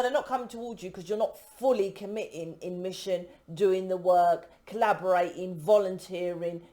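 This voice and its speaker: Woman tarot reader from the UK, mid-pitched, talks in emphatic rambling runs and checks in with "right?" all the time. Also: darkish tone. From United Kingdom. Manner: emphatic, rambling, cuts herself off mid-word; keeps asking "right?" for agreement. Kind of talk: casual tarot reading to camera.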